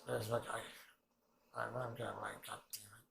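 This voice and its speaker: A man hosting an anime reaction video, talking in a rambling, halting way and swearing often. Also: lowish voice, flat delivery, vocal fry, fairly bright tone, a little hiss or hum. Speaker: anime reaction channel host. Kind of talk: casual reaction commentary.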